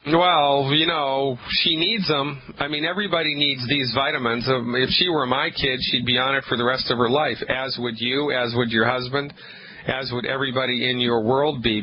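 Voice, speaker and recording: A man hosts a call-in radio show and presses his points home with emphatic repetition. His voice sits in a middling pitch. The sound is dull broadcast audio with a faint hiss behind it. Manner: emphatic, repeats points for callers. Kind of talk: call-in radio advice chat.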